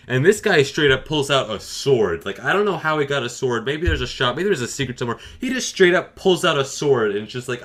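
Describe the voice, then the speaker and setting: A man telling a comedic gaming story in a dry, deadpan, matter-of-fact way. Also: fairly high pitch, fast, few pauses.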